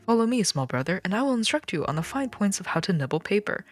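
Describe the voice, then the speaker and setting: A woman's voice: mid-range voice, sing-song, fast, soft background music. A woman reading aloud, voicing a prim older sister mouse who gives lessons. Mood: teacherly.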